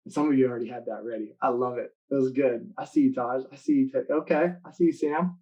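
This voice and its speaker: A man giving a motivational talk to students in an online live session, telling stories with lively acted-out quotes. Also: mid-range voice, fast, highs cut off. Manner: animated storytelling, acting out quoted lines. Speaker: motivational speaker.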